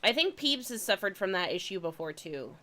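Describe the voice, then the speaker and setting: Chatty bright-voiced young woman streamer. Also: medium pitch, big pitch swings, fairly quick, a little hiss or hum. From California. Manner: chatty, giggly, rambling. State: slightly stuffy, recovering from a cold. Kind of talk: casual gaming stream chat.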